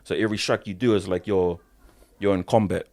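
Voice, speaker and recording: A man's voice: low-pitched, fairly even intonation, brisk, darkish tone. A man voicing a strict older male wrestling trainer who talks in clipped, broken phrases. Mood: instructing.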